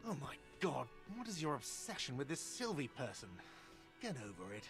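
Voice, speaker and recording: Brief: snippy, whiny game innkeeper, lively swoopy pitch, faint music under it. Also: male voice, normal speed. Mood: sarcastic. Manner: sarcastic and dismissive. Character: sarcastic, whiny male innkeeper.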